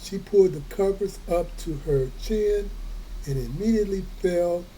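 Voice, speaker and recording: A man reading a children's story aloud, slow and folksy, with playful chatty asides. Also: sits high, warm tone, a little hiss or hum, poor audio. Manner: slow, folksy, adds playful comments to listeners.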